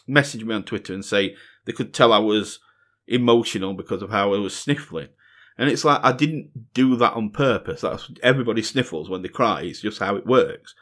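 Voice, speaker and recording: A man's voice: fairly low pitch, a bit bright. A middle-aged man, talking earnestly in a casual solo Q&A and repeating phrases for emphasis. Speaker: music reaction channel host.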